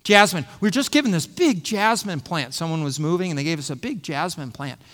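Middle-aged guy preaching, pretty high voice, repeats lines for emphasis, long echo like a church hall. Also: expressive, fairly quick, a bit bright. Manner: teaching, repeats phrases for emphasis. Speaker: pastor. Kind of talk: expository sermon.

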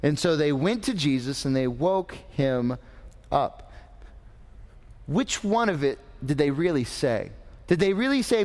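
A man's voice: on the high side, animated, moderate pace, a little mellow. A man preaching a sermon in a conversational way, adding joking asides to his congregation. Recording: long hall reverb.

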